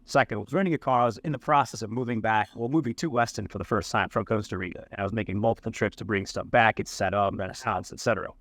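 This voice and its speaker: Speaking quickly with hardly a pause, a man with a lowish voice spins casual stories as a podcast co-host at a cigar bar. He's animated and imitates the people he quotes, and the recording sounds clean and studio-like, with no room sound.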